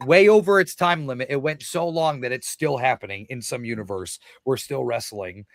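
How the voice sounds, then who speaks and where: A man's voice: mid-range voice, moderate pace, no room sound. A man, a wrestler, telling stories on a casual podcast, swearing often, laughing through them, acting out other people's lines.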